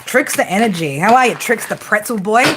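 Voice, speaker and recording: A woman's voice: medium pitch, animated, fairly quick, noisy background. An Australian woman giving a casual tarot reading to her viewers, blunt, teasing and heavily profane. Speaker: tarot reader.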